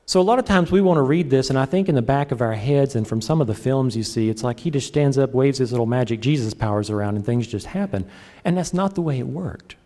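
A middle-aged man preaching a sermon, animated and joking, acting out his own prayers. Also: medium pitch, fast. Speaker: pastor.

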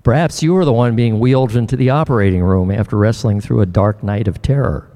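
An older man preaching a sermon as pastor, earnest and emotional, often pausing and restarting his words. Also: fairly low pitch, dark tone, long reverb tail.

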